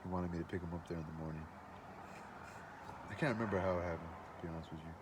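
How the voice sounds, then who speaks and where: A man with a lowish voice spins a rambling story, swearing often and circling back over his words. He sounds laid-back and unpolished. There is a faint hiss of noise behind him. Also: fairly even intonation, racing. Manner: rambling, profane, laid-back with many fillers. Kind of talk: casual storytelling monologue.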